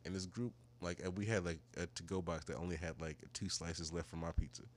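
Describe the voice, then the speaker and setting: Very deep-voiced man telling a profane story. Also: fairly quick, a little hiss or hum. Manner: animated, profane, acts out quotes in higher voices. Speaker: podcast co-host. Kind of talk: casual storytelling chat.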